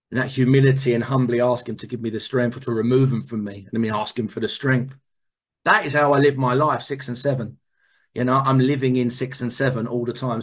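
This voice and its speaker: A man telling a personal recovery story in a candid, animated way, repeating words and swearing now and then. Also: medium pitch. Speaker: speaker sharing a recovery story.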